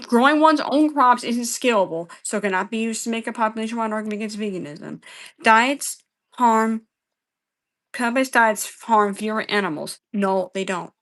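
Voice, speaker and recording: A woman's voice: fairly high pitch, fairly bright tone, a little hiss or hum. A woman live-streaming a debate, answering chat questions in an exasperated, profane way and repeating herself.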